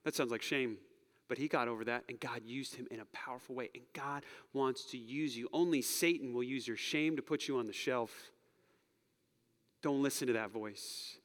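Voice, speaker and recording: A man preaching and then praying in a church, earnest, rising to loud urging and dropping to soft whispers. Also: mid-range voice, normal speed. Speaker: pastor. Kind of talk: sermon and closing prayer. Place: church sanctuary. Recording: long hall reverb.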